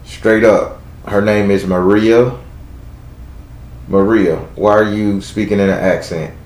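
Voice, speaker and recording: A man's voice: fairly low pitch, steady tone, slow, darkish tone, reverberant, rough recording. Blunt Southern man reading tarot. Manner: blunt, chatty, talks to spirits aloud. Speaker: tarot reader. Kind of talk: live tarot reading call-in.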